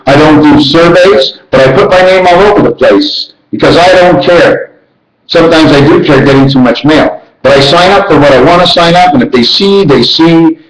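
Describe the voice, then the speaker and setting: A man's voice: echoey room, low-quality recording. A man in a rambling monologue, chanting numbers and letters and jumping between ideas. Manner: rambling, rhythmic counting and chanting, sudden jumps in pitch.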